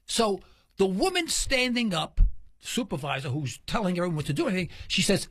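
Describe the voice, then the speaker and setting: A man's voice: high voice, brisk, husky, no echo. A man hosting a talk radio show, telling stories casually and acting out the voices of the people in them. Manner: animated storyteller, acts out quoted dialogue.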